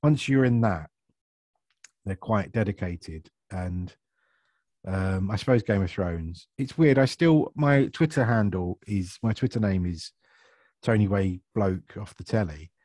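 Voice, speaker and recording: Bloke, lowish voice, self-deprecating, laughs a lot, dry close mic. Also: male voice, a little slow, dark tone, no room sound. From Essex, England. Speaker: actor guest. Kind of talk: casual interview chat.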